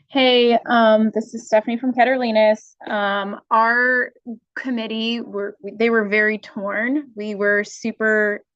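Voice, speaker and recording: A woman's voice: on the high side, little pitch movement, slow, a bit bright, dry recording, lo-fi sound. A woman representing a school, speaking informally and with some animation about her committee's choice.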